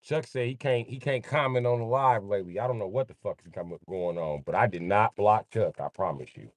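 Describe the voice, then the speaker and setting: A man's voice: on the low side, fairly quick, dry recording. A man rambling casually and joking on a livestream, swearing freely and laughing often.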